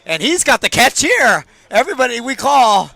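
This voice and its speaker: A man calling a game from a commentary booth on a booth microphone, joking with his co-host and bursting loud on big plays. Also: very high-pitched, big pitch swings, normal speed, vocal fry, no room sound. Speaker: sports commentator. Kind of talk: play-by-play commentary with banter.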